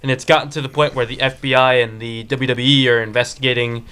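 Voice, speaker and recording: A man presenting news stories on a casual talk show, with a halting, hesitant delivery. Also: mid-range voice, flat delivery, pushed and bright, clear, resonant tone. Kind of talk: casual podcast chat.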